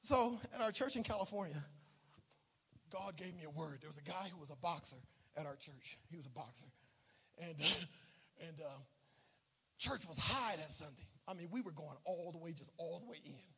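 A man preaching a sermon as pastor, telling a story with animated swings between shouting and hushed asides. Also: a little high, normal speed, slight background noise. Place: church sanctuary.

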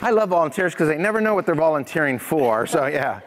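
A man giving a lively prevention talk to a youth audience, telling stories and speaking to the crowd directly. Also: a little high, fast, very noisy. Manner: energetic, addresses audience directly. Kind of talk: lively presentation with storytelling. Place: church hall. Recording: echoey hall.

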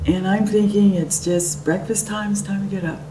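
A middle-aged woman telling a personal story in an animated way, sometimes dropping to soft whispers. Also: medium pitch, normal speed. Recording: distant mic with noisy background.

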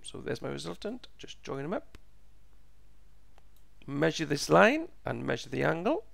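A man teaching a step-by-step physics lesson, slow and patient, repeating each step, his voice croaky and going hoarse. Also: fairly high pitch, big pitch swings, a bit bright, dry recording. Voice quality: gravelly, croaky.

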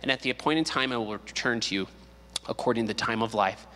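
A man's voice: mid-range voice, expressive, a little fast, bright, forceful tone. A man in his thirties, a pastor teaching a casual Bible study, joking and acting out quotes as he goes. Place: church sanctuary. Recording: long hall reverb.

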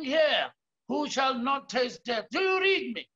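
South African male pastor, high bright voice, slow deliberate sermon delivery, dull lo-fi recording. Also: big pitch swings. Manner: emphatic preaching, often raising his voice and stretching key words.

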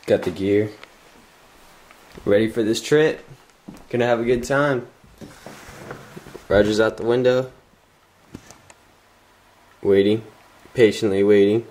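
A man's voice: lowish voice, slow pace, pauses often, low-quality recording. A young man joking crudely and teasing friends during a road trip in a car. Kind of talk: casual banter. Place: inside a moving car. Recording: loud road noise in a car.

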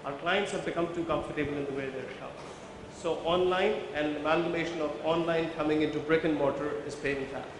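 A man's voice: on the high side, fairly even intonation, brisk. A man leads a workshop on visual merchandising, explaining his points step by step and quizzing the audience. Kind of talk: workshop lecture with audience questions. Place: large conference hall with a live audience. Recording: very echoey hall, faint background noise.

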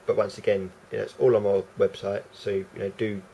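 A man's voice: on the low side, level tone, a little fast, dark tone, a little hiss or hum, low-quality recording. A man with a London accent rambling unscripted to camera, hesitant and full of fillers. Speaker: vlogger. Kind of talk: casual unscripted monologue to camera.

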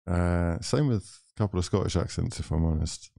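A young man with a low, mellow voice hosts a live football watchalong stream. He reads viewer comments aloud and chats in a relaxed, easygoing way, laughing often. The sound is close and dry, with no room echo. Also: moderate pace, gravelly. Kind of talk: casual chat reading live chat.

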